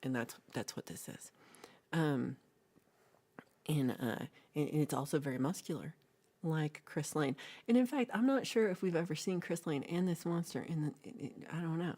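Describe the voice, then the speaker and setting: Low, mellow woman telling a rambling story. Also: moderate pace. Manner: rambling, playful storytelling with asides. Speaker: livestream host. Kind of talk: casual chat, retelling a film.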